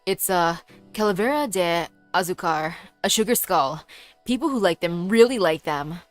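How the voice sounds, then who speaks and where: Woman doing a low-voiced mysterious stranger, laid-back, knowing, lively pitch swings, game dialogue read aloud. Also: moderate pace, faint music behind, close to an everyday voice. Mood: easygoing.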